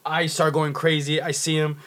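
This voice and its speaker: A man's voice: fairly high pitch, monotone, moderate pace, a bit bright. A man with a Californian accent telling a story in casual chat, frantic and swearing, acting out the people in it. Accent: Californian English. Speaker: podcast guest.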